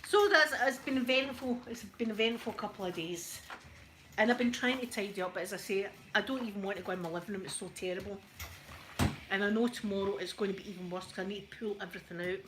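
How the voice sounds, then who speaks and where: A woman's voice: mid-range voice, fast, noisy background. Giggly, chatty Scottish woman. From Scotland. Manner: chatty, giggly, laughs often. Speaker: live-stream host. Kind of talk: casual chat while ironing.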